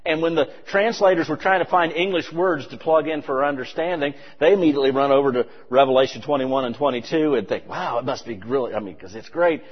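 A man preaching a sermon, animated and emphatic with conversational asides. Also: fairly high pitch, quick pace, hardly any pauses, breathy edge. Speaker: pastor. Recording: dull, reverberant hall recording.

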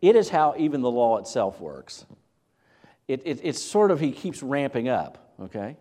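A man preaching a sermon as pastor, animated, asking rhetorical questions and repeating words as he builds his point. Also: medium pitch, moderate pace.

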